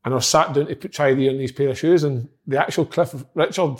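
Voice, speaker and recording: A Scottish former footballer chats casually with friends, swearing freely and laughing at his own tales. He talks fast in a mid-range voice. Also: mid-range voice, steady tone. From Scotland. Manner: sweary, storytelling, laughs often. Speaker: former footballer, podcast co-host. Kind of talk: casual chat.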